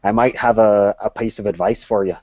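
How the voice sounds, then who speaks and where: A man playing a tabletop game, measured and a little hesitant as he describes his actions. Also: fairly low pitch, fairly even intonation, darkish tone, dry recording, highs cut off. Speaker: player. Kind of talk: tabletop role-play.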